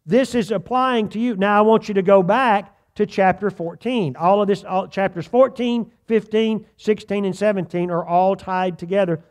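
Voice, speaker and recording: Preaching a sermon in the church sanctuary, this pastor has a fairly high but darkish-toned voice. After a slow, weighty reading of scripture, he addresses his congregation with direct questions.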